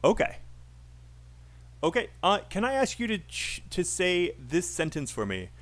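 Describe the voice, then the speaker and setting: A man's voice: high voice, wildly swooping pitch, a little slow. A man teaching a live online English speaking class, patiently coaching a student's pronunciation.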